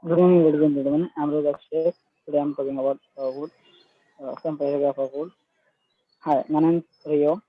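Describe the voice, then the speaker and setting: A male student reciting a short prepared dialogue in class, with hesitant pauses. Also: a little high, fairly even intonation, no room sound. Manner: hesitant, halting. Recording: dull dry call audio.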